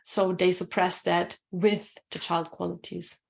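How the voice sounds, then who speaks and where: Chatty woman with a gravelly voice. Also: fairly low pitch, level tone, a little slow. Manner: casual and chatty, many fillers, reads chat comments aloud. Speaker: relationship coach hosting a webinar. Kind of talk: live webinar talk.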